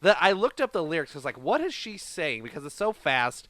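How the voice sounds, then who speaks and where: A man co-hosting a podcast in casual chat, animated and joking, slipping into silly voices. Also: a little high, brisk, no room sound. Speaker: podcast co-host.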